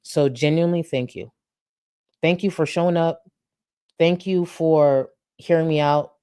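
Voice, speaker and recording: A woman's voice: low-pitched, steady tone, a little slow, warm tone, smooth, dry recording, clean studio sound. Tired, grateful woman host signing off. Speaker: commentary channel host. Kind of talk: casual sign-off talk to viewers.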